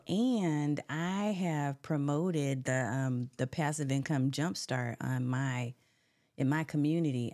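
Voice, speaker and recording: A woman's voice: very deep voice, dark tone. A woman hosting a live-stream interview, upbeat and laughing often as she reads viewer comments aloud. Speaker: host.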